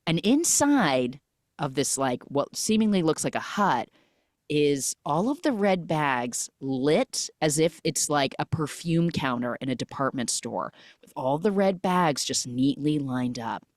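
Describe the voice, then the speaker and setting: A woman recapping a film plot on a podcast in a casual, animated way, acting out characters and sound effects with lots of "like". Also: low voice, measured pace, no room sound, clean studio sound. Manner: animated retelling, acts out characters and sound effects, many "like" fillers.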